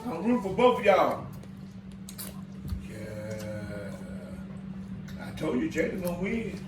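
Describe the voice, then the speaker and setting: An adult cheering from the sidelines, shouting encouragement and teasing the contestants. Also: mid-range voice, very animated, slow, loud music behind the voice. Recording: distant, echoey room with background noise.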